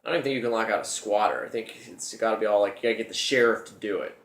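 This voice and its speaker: A man's voice: fairly low pitch, racing, a bit bright, roomy sound. A man hosting his own show, telling a personal story in a rambling, casual way, often repeating his words as he goes.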